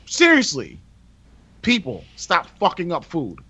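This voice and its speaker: A man with a high, bright voice tears into a rant with profanity and exasperation. His pitch swings widely as he talks. The podcast audio sounds dull and lo-fi. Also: big pitch swings, normal speed. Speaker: podcast co-host.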